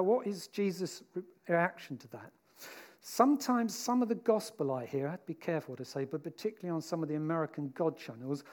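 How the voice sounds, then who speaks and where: A man preaching a sermon in a conversational way, acting out the disciples' words as he tells the story. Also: on the high side. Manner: conversational and animated, voicing the disciples.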